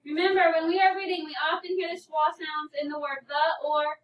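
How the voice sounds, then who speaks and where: A woman's voice: high-pitched, level tone, normal speed, hardly any pauses, far from the mic. A woman teacher leading a phonics lesson for young children, asking questions patiently and calling on pupils. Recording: echoey classroom, voice from off-mic, faint noise.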